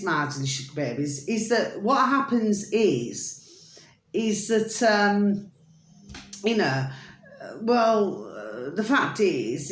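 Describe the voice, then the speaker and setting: A woman's voice: medium pitch, echoey room. Chatty British woman rambling to camera. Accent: British English. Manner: chatty, repeats pet phrases, lively sing-song asides. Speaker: vlogger. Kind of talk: rambling casual monologue to camera.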